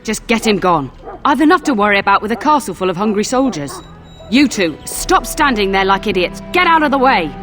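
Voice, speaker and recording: A woman's voice: mid-range voice, sing-song, fairly quick, faint music behind. Woman doing a scolding old castle cook. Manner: scolding, sharp-tongued. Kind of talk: fan voice acting over a game.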